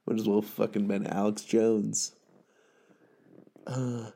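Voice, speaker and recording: A man's voice: on the low side, level tone, slow, creaky, long pauses, warm tone. A man in his thirties, sick with covid, delivering a profane, sarcastic, rambling recap monologue for a fantasy league podcast. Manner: sarcastic, swearing, ranting, laughing at own jokes.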